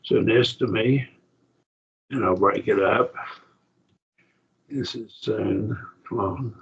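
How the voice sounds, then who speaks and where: A man teaching a Greek grammar class, explaining words slowly and checking in with his students. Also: lowish voice, vocal fry. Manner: slow, explanatory, repeats words and checks with "okay?" and "see?". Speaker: Bible college Greek teacher. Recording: dull lo-fi classroom recording.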